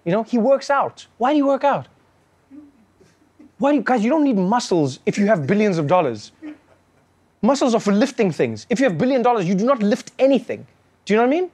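A man performing stand-up comedy, animated and acting out characters, then hosting his show. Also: high voice, fairly quick, long pauses. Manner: animated, acts out characters in shouted bits.

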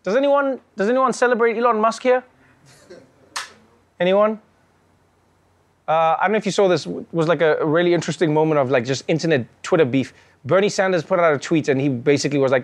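A man performing stand-up comedy, animated and acting out characters, then hosting his show. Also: fairly high pitch, fairly quick. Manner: animated, acts out characters in shouted bits.

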